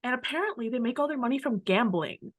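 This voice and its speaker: A woman's voice: a little high, animated, fast talker. A young woman from Canada co-hosting a podcast in casual, rambling chat, leaning hard on "like". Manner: rambling, chatty, heavy use of "like". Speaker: podcast co-host.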